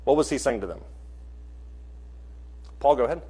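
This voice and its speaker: A man with a husky, slightly rough voice teaches a church Bible class, posing questions to the room and calling on people to answer. His delivery is conversational and mid-pitched. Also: expressive, normal speed, dark tone. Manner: asks the class questions and calls on students.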